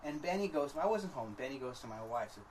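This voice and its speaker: A man's voice: mid-range voice, quick pace, recorded from a distance, over a noisy crowd, poor audio. A man with a New York accent telling a story in casual chat, acting out the voices of the people in it. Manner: animated storyteller, acts out quotes. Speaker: guest. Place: outdoor flea market.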